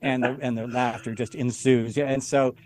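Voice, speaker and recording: A man's voice: mid-range voice, normal speed, soft background music. A man telling a story as a podcast guest in a casual chat, often laughing and acting out the people he quotes. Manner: animated, laughing, jumps into quoted voices. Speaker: podcast guest, former stuntman.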